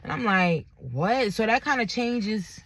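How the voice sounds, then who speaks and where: A woman's voice: mid-range voice, animated, measured pace, fairly bright tone, slight background noise. A young woman, candidly retelling a personal story in a vlog, with lots of quoted dialogue and blunt language.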